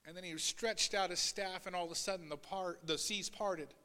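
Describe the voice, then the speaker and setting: A man preaching a sermon as pastor, swinging between loud, urgent passages and quiet asides, and voicing Bible figures in a raised voice. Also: sits high, fairly even intonation, moderate pace, big-room sound. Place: church sanctuary.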